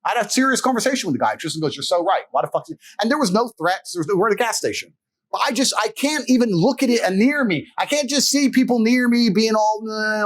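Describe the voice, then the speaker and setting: A man in a podcast chat, telling boastful stories in a brash, profane way and laughing often. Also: high-pitched. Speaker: podcast guest. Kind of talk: casual storytelling chat.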